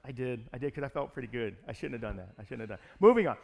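A pastor telling a personal story in a sermon, in an animated, conversational way. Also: male voice, medium pitch, rapid-fire, vocal fry.

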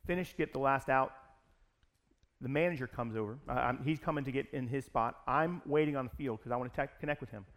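A pastor telling a personal story in a sermon, in an animated, conversational way. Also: male voice, mid-range voice, a little fast.

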